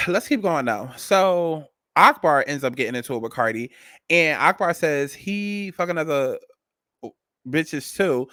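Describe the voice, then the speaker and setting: A man's voice: fairly high pitch, expressive, measured pace, pushed and bright, dry recording, studio quality. Blunt, cussing male gossip host. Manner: blunt, emphatic, repetitive, cussing. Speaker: commentary host. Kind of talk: celebrity gossip and astrology commentary.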